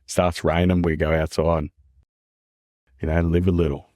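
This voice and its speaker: A man's voice: sits low, flat delivery, normal speed, darkish tone, no echo, clean studio sound. An Australian man talking earnestly and candidly as a podcast guest, repeating phrases and calling the listener "man" and "mate". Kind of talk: candid casual conversation.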